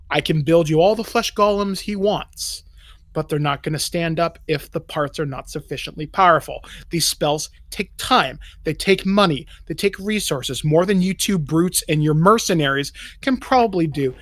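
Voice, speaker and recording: A condescending elf sorcerer, put on by a man, soft-spoken and scolding, in a tabletop game. His voice sits a little high. It is dry and close, with no room sound. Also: dry recording. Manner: quiet, scolding, then sing-song.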